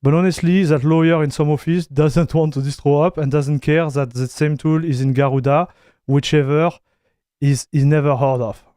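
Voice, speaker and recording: Casual, high-voiced male streamer. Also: fairly even intonation, warm tone, clean tone, no room sound, studio quality. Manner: fast, loose talk with many restarts and "dude", "bro". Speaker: streamer reviewing software. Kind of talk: casual live-stream chat.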